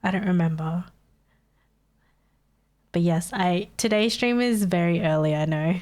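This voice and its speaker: A woman's voice: on the low side, unhurried, darkish tone. A young woman streamer with a stuffy nose and sore throat, chatting casually and answering her chat. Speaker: live streamer.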